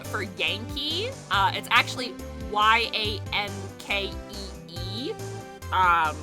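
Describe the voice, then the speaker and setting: A woman VTuber chatting casually while streaming a game, making playful asides and talking to her cat. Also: medium pitch.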